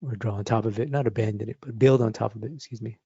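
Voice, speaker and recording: Gravelly man teaching a drawing demo. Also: fairly low pitch, fast talker, dry recording, lo-fi sound. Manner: thinking aloud while sketching, relaxed and encouraging. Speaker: drawing instructor. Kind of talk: live drawing demonstration.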